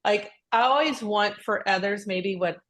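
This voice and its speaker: A woman co-hosting a faith-based podcast, chatting casually and telling a personal story in a lively, animated way with frequent restarts. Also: mid-range voice, normal speed. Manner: acts out quoted speech with raised voice. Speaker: podcast co-host.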